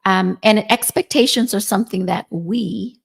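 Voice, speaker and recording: Gravelly-voiced woman in her forties. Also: medium pitch, moderate pace. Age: 40s. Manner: chatty, often ends points with "right?". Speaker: podcast co-host. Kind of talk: casual podcast chat.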